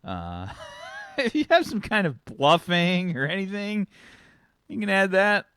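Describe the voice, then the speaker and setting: A woman's voice: mid-range voice, very animated, unhurried, fairly bright tone, clean tone, no room sound. Chatty woman game master. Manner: chatty, many fillers. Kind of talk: narrating a tabletop game.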